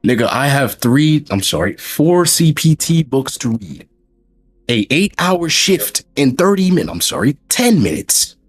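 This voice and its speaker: A man's voice: a little high, big pitch swings, a little slow, husky. A male streamer in casual chat, emphatic and profane, hammering his point with repeated rhetorical questions. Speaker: streamer and host.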